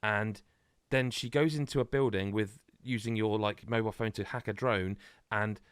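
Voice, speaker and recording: A man's voice: fairly low pitch, moderate pace, clean tone, dry recording, clean studio sound. Rambling man on a podcast. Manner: rambling, animated, many restarts. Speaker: podcast co-host. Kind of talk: casual chat.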